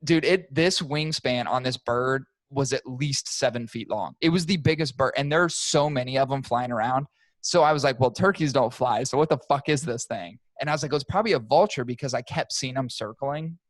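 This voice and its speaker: A young man, a podcast co-host, telling a profane, animated story in casual chat. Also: medium pitch, fairly quick, no echo.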